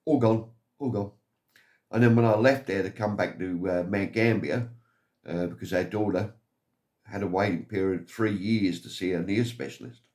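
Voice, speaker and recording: Rambling English storyteller, a man with a lowish voice, casual vlog anecdotes. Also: normal speed, a little mellow. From England. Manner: rambling, chuckles at his own stories. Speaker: vlogger.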